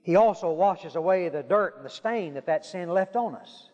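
A man preaching a sermon, telling stories with dramatic pauses and dropping to a hush for emphasis. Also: high voice, animated. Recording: dull sound with long hall reverb.

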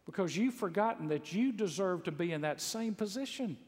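Man, pastor, sermon, folksy and joking, high voice, long hall echo. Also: expressive, a little fast. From Mississippi. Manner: folksy storytelling with humor, builds to loud exclaims.

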